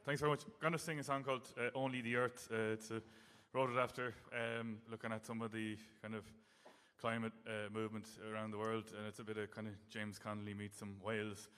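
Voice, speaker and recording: A man introducing a song on stage, talking earnestly with halting fillers. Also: fairly low pitch, flat delivery, fairly bright tone, smooth. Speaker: singer-songwriter introducing a song. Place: large indoor hall. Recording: echoey hall on a PA.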